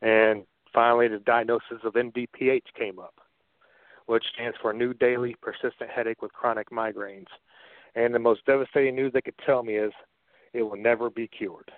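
A man's voice: mid-range voice, level tone, no room sound. Earnest man telling his story over a phone. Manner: earnest, halting and candid. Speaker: interview guest. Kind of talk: personal faith testimony on a phone-in radio show. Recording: dry, narrow phone line.

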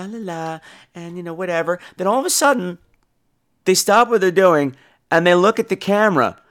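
A man hosting a podcast, casually reviewing a horror film, animated and jokey with casual swearing. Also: a little high. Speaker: podcast host.

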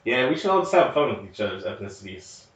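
A man's voice: lowish voice, sing-song, quick pace. A man co-hosting a casual movie podcast, rambling with many fillers and frequent laughs, slightly nasal. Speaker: podcast co-host. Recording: roomy, distant, dull home recording.

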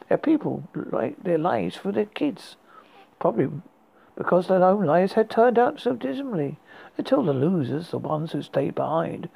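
A man from the UK hosting a horror podcast, reading a story aloud in an unhurried way and often restarting a word. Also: high-pitched, creaky, warm tone, slightly rough, rough recording.

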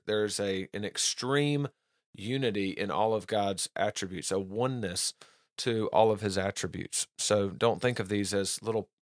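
A man's voice: on the low side, a bit bright, dry recording, studio quality. A man hosting a podcast, teaching doctrine in an earnest, casual monologue, often restarting and repeating words and reading quotes aloud.

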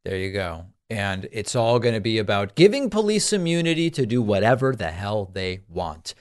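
A man's voice: lowish voice, sing-song, normal speed, darkish tone. A man hosting a political commentary show, sarcastic and incredulous as he reacts to clips.

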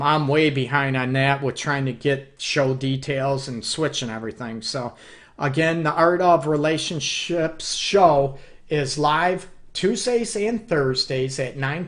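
A man hosting a live relationship advice show, talking to viewers in an animated, repetitive way and often calling them "people". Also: mid-range voice, slow pace. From Detroit area. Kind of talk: live-streamed advice talk.

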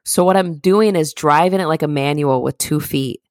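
A woman co-hosting a casual podcast, telling stories in a lively way and acting out quoted people. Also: deep voice, normal speed, no room sound. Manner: animated storyteller, acts out quotes in raised voices. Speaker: podcast co-host. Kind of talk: casual chat.

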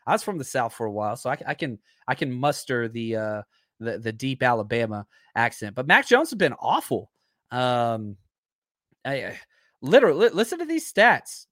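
A man's voice: mid-range voice, very animated, moderate pace, fairly bright tone, no echo, clean studio sound. A man hosting a football live stream in a casual, chatty way, full of fillers and restarts as he runs through stats.

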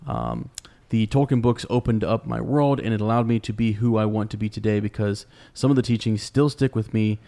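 A man co-hosting a podcast, speaking in a halting way with many ums and uhs. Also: fairly low pitch, lively intonation, creaky, mellow. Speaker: podcast co-host. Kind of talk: casual podcast chat.

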